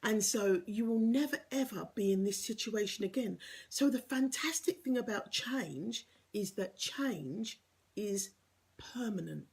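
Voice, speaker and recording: A woman's voice: mid-range voice, expressive, unhurried, husky. A woman giving an earnest, encouraging motivational talk as a life coach, sometimes dropping to a whisper for emphasis.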